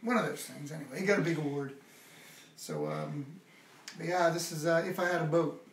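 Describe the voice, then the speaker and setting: A man's voice: on the high side, huge pitch swings, a little fast, recorded from a distance, slight background noise. A man hosting a music livestream from home, chatting in a rambling, easygoing way between songs. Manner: rambling, easygoing, thinks aloud. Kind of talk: casual chat between songs. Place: at home, with his dog nearby. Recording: echoey room with guitar.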